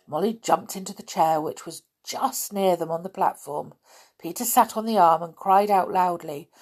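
A woman reading a children's story aloud in an expressive, unhurried way. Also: on the low side, slightly rough.

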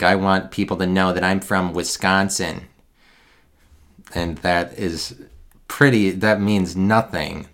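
A man from the American Midwest giving a rambling, digressive solo monologue into a handheld recorder, halting and sardonic by turns. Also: sits low, creaky.

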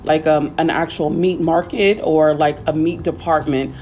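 A woman teaching a simple English lesson, speaking patiently and repeating words slowly for learners. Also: low voice, steady tone, dark tone, a little hiss or hum. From United States.

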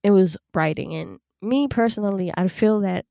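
A young woman hosting a podcast, telling a personal story in a chatty, animated way with lots of fillers and laughs. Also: medium pitch, moderate pace, gravelly, dry recording, studio quality. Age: young adult. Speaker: podcast host.

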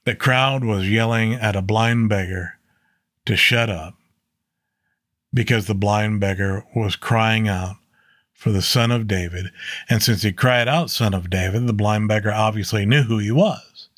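A man with a fairly low, fairly bright voice teaches a Bible chapter a little slowly, casual and earnest, using fillers and stopping to correct himself. The studio-quality recording has no room sound.

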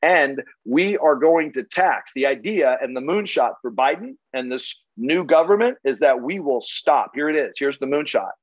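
A man's voice: mid-range voice, animated, moderate pace, few pauses, no room sound, dull audio. A man giving a blunt, punchy sales talk full of rhetorical questions and the odd curse. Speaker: solar sales trainer.

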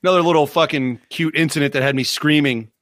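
A man's voice: on the high side, fast talker, a bit bright, no room sound. Foul-mouthed middle-aged man telling stories. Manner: profane, storytelling, mock voices. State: recovering from arm surgery. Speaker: podcast co-host. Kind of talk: casual chat.

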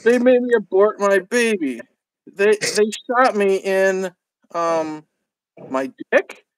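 A self-righteous young woman, shrill and defiant, as a man reads her part. She declaims in a light, high voice with a dry, close sound. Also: expressive, slow, no echo, rough recording.

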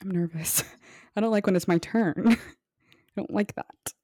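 A woman with a mellow, medium-pitched voice and fairly even intonation speaks at normal speed, in clean studio sound with no echo. Co-hosting a casual podcast quiz, she asks the questions, chatting and swearing freely while coaxing answers with hints.

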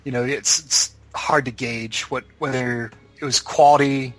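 A man with an ordinary middle-pitched voice, thinking aloud in a measured way and hedging his points. Faint music runs behind him. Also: steady tone. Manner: measured, hedging, many "you know" fillers. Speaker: podcast co-host. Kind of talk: casual chat.

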